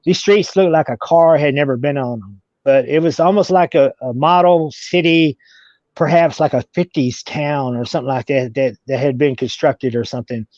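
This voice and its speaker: A man's voice: mid-range voice, normal speed, darkish tone, dry recording. A man telling a long story as an interview guest, rambling with many restarts. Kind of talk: casual storytelling. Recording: dull lo-fi recording.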